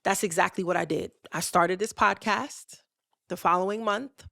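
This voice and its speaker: A woman's voice: mid-range voice, normal speed, vocal fry, bright, forceful tone, no echo, studio quality. A young woman podcast host casually telling a personal story, candid and chatty, speaking straight to her listeners. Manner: candid, conversational, addresses listeners directly.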